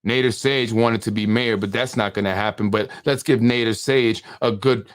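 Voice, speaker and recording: A man's voice: on the low side, steady tone, normal speed, smooth. New man hosting a political podcast. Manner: conversational, repeats words and restarts, reads messages aloud. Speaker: podcast host. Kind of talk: casual political commentary reading texts aloud.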